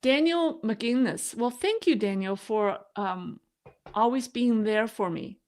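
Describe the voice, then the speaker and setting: A woman, a non-native English speaker, hosting a casual live stream, chatty and quick to laugh at herself. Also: a little high, darkish tone. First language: not English. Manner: chatty, laughs often, self-deprecating.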